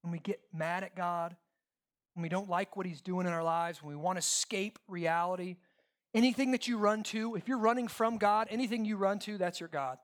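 Pastor, male, emphatic sermon delivery, dips to near-whispers and climbs to loud points. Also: high voice, a little fast. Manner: animated, emphatic, shifts from hushed to loud.

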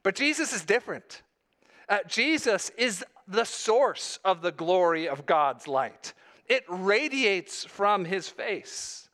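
A man's voice: sits high, very animated, takes it slowly, a bit bright. A male pastor delivering a sermon, earnest, with rising emphasis on key phrases.

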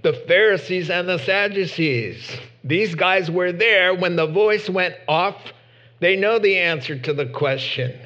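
A man preaching a sermon in an animated, emphatic way, with sudden loud bursts. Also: high-pitched, a little slow, muffled recording. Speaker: pastor.

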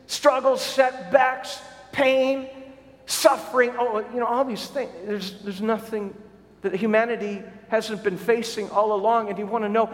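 A man's voice: high voice, fairly even intonation, normal speed. A middle-aged man preaching a sermon as pastor, earnest and often repeating words as he starts sentences. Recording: long hall reverb.

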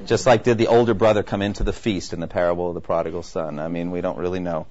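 A man's voice: deep voice, fairly even intonation, fast talker, darkish tone. A man giving a conversational Bible teaching lecture who acts out the quoted voices and keeps checking in with his listeners. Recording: dull lo-fi recording.

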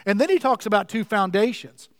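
A man's voice: sits high, lively intonation, a little fast, no echo, clean studio sound, big-room sound. A man preaching a sermon, emphatic and fervent, repeating key words to drive his points home.

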